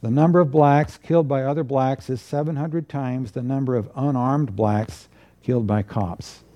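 A man, a pastor preaching a sermon from the pulpit in an earnest, measured way with emphatic declarations. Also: mid-range voice, fairly even intonation, lo-fi sound. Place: church pulpit.

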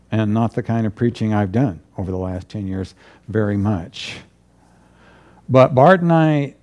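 A man, a pastor preaching a sermon from the pulpit in an earnest, measured way with emphatic declarations. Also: mid-range voice, mellow. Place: church pulpit.

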